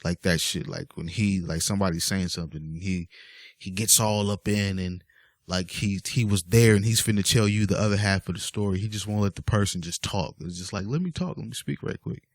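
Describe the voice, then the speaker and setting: Deep-voiced guy venting on his vlog, aave, super dry close sound, keeps going off on tangents. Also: steady tone, brisk, dry recording. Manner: exasperated, rambling with many fillers. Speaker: vlogger. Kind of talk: casual rant to camera.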